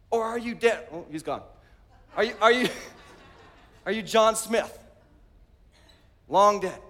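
A man preaching a sermon as pastor, animated and rising to shouts. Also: high voice. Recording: long hall reverb.

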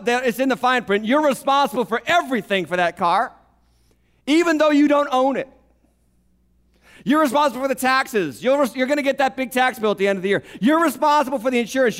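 A pastor preaching a sermon in an animated, humorous way, acting out quotes. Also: male voice, very high voice.

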